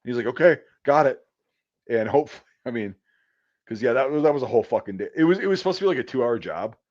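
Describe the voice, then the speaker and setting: A man's voice: mid-range voice, animated, racing, darkish tone. A man in an everyday middle register spins a loose, profane story from his job as an electrician. He restarts his sentences, leans on fillers and swears freely. The recording sounds a little dull and lo-fi. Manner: profane, rambling, full of fillers. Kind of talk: casual storytelling on a podcast.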